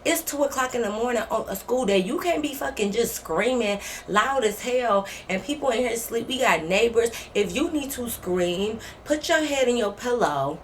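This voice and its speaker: A woman vlogger telling a story in casual storytime style, animated and profane, acting out quoted dialogue. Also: fairly high pitch, normal speed, few pauses, slight background noise.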